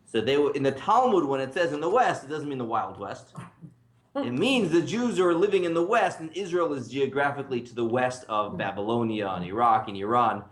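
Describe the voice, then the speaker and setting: Male rabbi, chatty lunchtime teacher, quick with jokes, roomy sound. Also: medium pitch, expressive. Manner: joking, laughs often, asks students to read. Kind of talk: casual lunchtime Torah class. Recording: echoey room.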